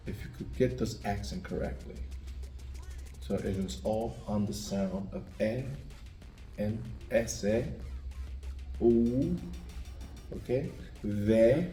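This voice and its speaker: A man, teaching the alphabet by slowly repeating each letter sound. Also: lowish voice, dark tone. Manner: slow, repetitive letter drilling. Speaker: language teacher. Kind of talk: spelling out the Spanish alphabet. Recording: echoey room, mic at a distance.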